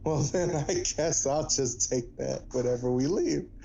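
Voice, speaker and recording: A laid-back man at a tabletop game, talking very slowly with a mellow, dark tone. A faint hiss sits behind his voice. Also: fairly high pitch, vocal fry, poor audio. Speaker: player. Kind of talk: casual chat at a game table.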